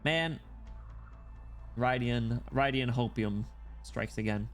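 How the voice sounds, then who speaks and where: A man live-streaming as he reads a game story, breaking off into excitable reactions, laughing and swearing freely. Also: medium pitch, slow, soft background music.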